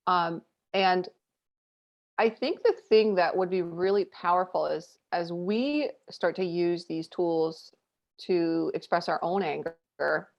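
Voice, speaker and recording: A woman in her thirties, a podcast co-host, telling a family story in casual chat, candid and animated with lots of fillers. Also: lowish voice, slow pace, vocal fry. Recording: dull lo-fi audio.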